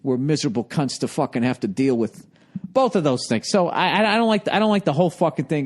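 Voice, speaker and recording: A man's voice: a little high, animated, fast. Rambling, profane man hosting a podcast. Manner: profane, rambling, mimics people in goofy voices. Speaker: podcast host. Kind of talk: casual rambling monologue.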